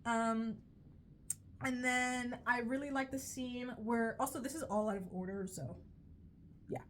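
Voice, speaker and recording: A woman's voice: a little high, fairly even intonation, unhurried, a little hiss or hum. Young woman rambling casually on camera. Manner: rambling, profane, self-interrupting with laughs. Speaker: video creator reviewing a show.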